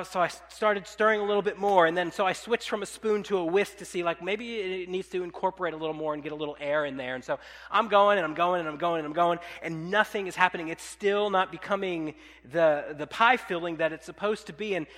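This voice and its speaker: Bright high-voiced pastor in a hall. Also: male voice, a little fast. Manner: casual, animated storytelling with fillers. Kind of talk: sermon with a personal story.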